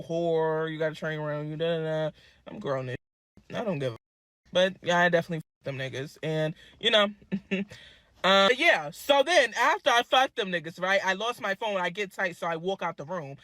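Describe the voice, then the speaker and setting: A woman telling a story in a crude, animated way, swearing freely. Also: on the low side, moderate pace, no room sound. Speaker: vlogger. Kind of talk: casual storytelling.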